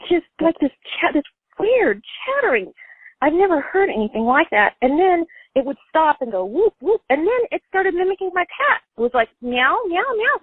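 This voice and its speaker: This caller's voice is extremely high, swinging widely in pitch at a normal speed. Over a thin, tinny line she tells a personal story that drifts from point to point, filled with "like" and "you know." The recording is dry, with no surrounding room sound.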